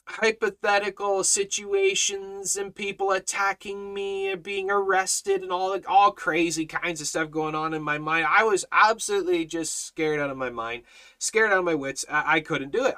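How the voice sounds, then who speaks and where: An earnest man leading a Bible study, mixing scripture with personal testimony. His voice sits a little high and sounds bright and forceful, and he stammers into repeated words when emotion rises. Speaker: Bible teacher and street evangelist.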